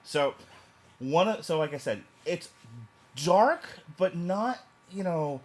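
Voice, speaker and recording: A man's voice: a little high, lively intonation, slow. A man from New York reviewing a movie in casual chat, blunt and provocative, joking as he goes.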